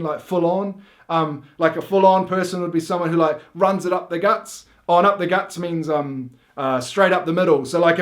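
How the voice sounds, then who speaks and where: A middle-aged man with a New Zealand accent, rambling and deadpan as he explains slang, full of fillers and self-interruptions. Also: high-pitched. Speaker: comedy video host.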